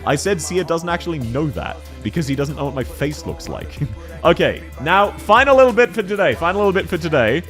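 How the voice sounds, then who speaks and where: With faint music behind him, a young VTuber streamer with an Australian accent plays a game and chats with his viewers, teasing them playfully and laughing easily. His voice is a little high, sing-song, and fairly bright.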